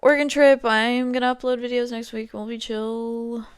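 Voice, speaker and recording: A woman's voice: fairly high pitch, little pitch movement, normal speed, smooth, no echo, clean studio sound. A young woman hosting her own podcast, chatting casually alone and rambling with lots of "like" and casual swearing. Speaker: podcast host. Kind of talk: casual solo podcast chat.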